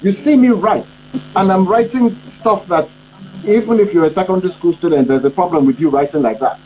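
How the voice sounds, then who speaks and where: A man's voice: high-pitched, fairly quick, a little mellow. A man coaching on how to speak and explain, repeating his points emphatically and checking that listeners understand. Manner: emphatic, repetitive, asks "you understand?". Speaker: communication trainer and coach. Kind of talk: instructional talk. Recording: dull lo-fi audio with faint electrical hum.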